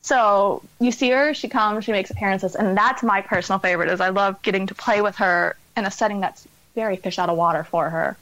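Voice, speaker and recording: A woman's voice: mid-range voice, brisk, hardly any pauses, fairly bright tone, dry recording, low-quality recording. A woman author being interviewed on a podcast, chatting casually and laughing at herself. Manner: chatty, self-deprecating, laughs often. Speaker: author guest.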